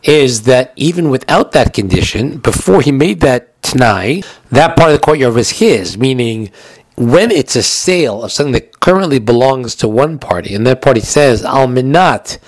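A man's voice: medium pitch, expressive, moderate pace, breathy edge, dry recording. A man giving a recorded halacha lesson in a chatty way, explaining with everyday examples, and he has the hiccups. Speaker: Torah teacher.

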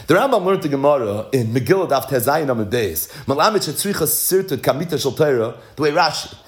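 A man's voice: medium pitch, quick pace. A man teaching a Talmud lesson, chanting the Hebrew texts in a study-hall singsong and explaining them in English with rhetorical questions. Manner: animated, uses rhetorical questions.

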